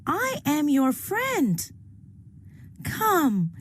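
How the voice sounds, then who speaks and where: A friendly, playful penguin from a children's storybook, played by a woman, coaxes warmly. The voice rides very high with a lively, bouncing pitch and a slow pace. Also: no echo, clean studio sound, full character voice. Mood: coaxing. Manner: coaxing, friendly.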